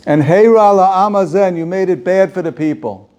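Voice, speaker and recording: A man teaching a Torah class as a rabbi, animated and rhetorical, asking questions and repeating phrases for emphasis. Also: sits high, normal speed. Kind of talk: Torah lecture to students.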